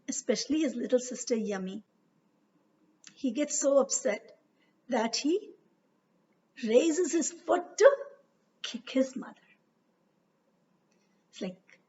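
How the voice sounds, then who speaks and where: A woman narrating a myth as a storyteller, unhurried and with frequent hesitations. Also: a little high, darkish tone, husky. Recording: dull, distant recording.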